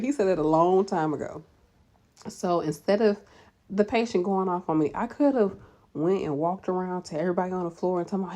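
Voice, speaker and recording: A woman in her thirties giving nurse vlog advice with an animated, preachy, encouraging delivery. Her voice sits on the low side and sounds mellow, and its pitch swings widely as she makes her points. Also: moderate pace.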